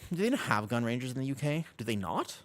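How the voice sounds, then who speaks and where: A man casually chatting with his viewers while streaming a game, excitable and talkative. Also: medium pitch, fast. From United States. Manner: excitable, chatty, reacts to chat.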